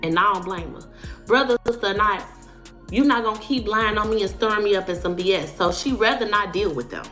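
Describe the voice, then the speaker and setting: A woman's voice: mid-range voice, a little fast, pushed and bright, soft background music. A woman in a played clip telling a story in casual, slangy, dismissive speech. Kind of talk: storytelling in a video.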